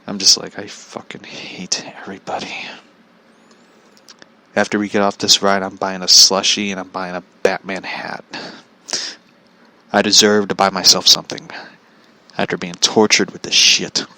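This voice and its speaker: A man's voice: sits low, level tone, normal speed, pushed and bright. A man telling a comedic story in a profane, exasperated way, laughing often. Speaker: vlogger.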